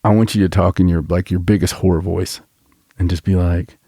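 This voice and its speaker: Male podcast co-host, low voice, dry close sound, rambling casual banter. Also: steady tone, fairly quick, warm tone, dry recording. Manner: rambling, joking, trails off and restarts. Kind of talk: casual chat.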